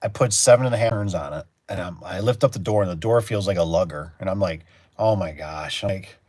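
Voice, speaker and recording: Low-voiced rambling garage door guy. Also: brisk, darkish tone, no echo. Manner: rambling, storytelling, acts out his own reactions. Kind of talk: casual rambling livestream chat.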